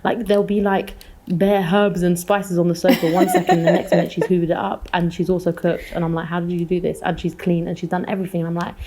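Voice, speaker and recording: A young woman tells stories in a casual podcast chat, quick and full of slang. Her voice is mellow and fairly low, with a relaxed, dark tone. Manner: animated storyteller, slangy and quick. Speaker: podcast co-host. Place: calling in from abroad.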